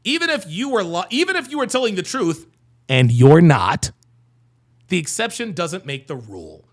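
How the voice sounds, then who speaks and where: A man's voice: high voice, moderate pace. A man hosting a live stream, reading chat comments aloud and answering them with profane, mocking rants. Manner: profane, mocking, animated ranting. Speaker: livestream host reading chat.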